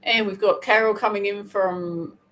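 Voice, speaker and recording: An Australian woman hosting a casual crochet livestream, chatting and rambling with quick self-corrections. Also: mid-range voice, steady tone, fairly bright tone, low-quality recording. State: hair wet, just out of the shower. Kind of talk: casual live chat.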